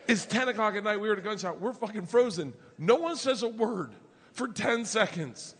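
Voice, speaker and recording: A man doing stand-up storytelling, loud and profane, acting out his family in quick voices. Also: sits high, expressive. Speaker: stand-up comedian. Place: large comedy venue, indoors. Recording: live venue with long reverb and audience noise. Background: crowd laughter and ambience.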